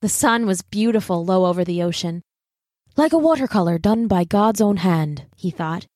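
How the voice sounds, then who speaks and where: A woman narrating a children's story aloud in a measured, gently expressive reading style. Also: mid-range voice, no echo, clean studio sound. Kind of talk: audiobook narration.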